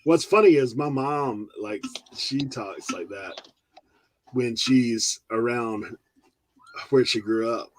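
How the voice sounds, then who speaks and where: A man's voice: medium pitch, takes it slowly, a little hiss or hum, poor audio. A man co-hosting a casual chat, telling stories with lots of laughter. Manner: storytelling, animated, laughing. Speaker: podcast co-host.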